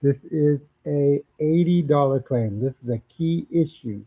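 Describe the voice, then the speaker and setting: A man's voice: fairly high pitch, unhurried, highs cut off. Chatty man hosting a live comic auction. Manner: chatty, repeats prices and titles, reads out viewer comments. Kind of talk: casual live-stream selling.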